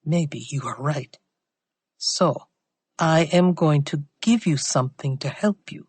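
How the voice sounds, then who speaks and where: A woman's voice: deep voice, slow pace, a little mellow, breathy edge, dry recording, exaggerated voice. A woman voicing a mocking, streetwise woman informant with a throaty Jamaican accent in an audiobook thriller. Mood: uneasy. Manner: mocking, taunting, calls others girlfriend.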